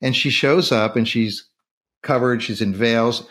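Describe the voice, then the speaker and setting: A man's voice: medium pitch, measured pace. Guy hosting a movie podcast, asks the panel stuff, gets into retelling scenes. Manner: leads with questions, animated retelling of scenes. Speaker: podcast host. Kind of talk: casual film discussion.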